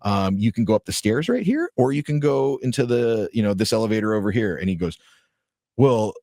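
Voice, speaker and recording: A man's voice: lowish voice, animated, fairly quick, mellow, no echo, clean studio sound. A man co-hosting a podcast, telling a story casually and animatedly, swearing freely and acting out what people said. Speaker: podcast co-host.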